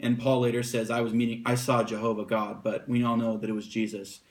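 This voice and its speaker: A mid-range male voice explains a Bible passage without a script, easygoing and peppered with fillers. His delivery slows noticeably when he reads scripture aloud.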